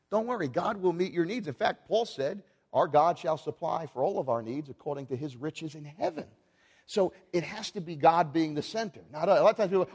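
A man preaching a sermon in church, animated and asking the congregation rhetorical questions. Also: a little high, in a large hall. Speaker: pastor.

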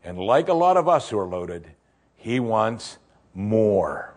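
A male pastor preaching a sermon in an animated way, full of rhetorical questions and acted-out voices. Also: on the low side, a little slow.

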